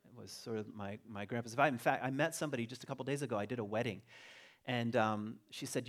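Middle-aged male speaker, mid-pitched, easygoing storyteller, loose conversational delivery, talk to a congregation. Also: very fast. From Virginia. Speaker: teacher giving a talk.

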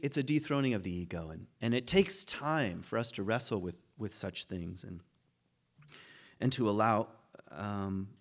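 A man giving an informal philosophy lecture to a class, musing aloud, laughing at his own points and often restarting his sentences. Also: fairly low pitch.

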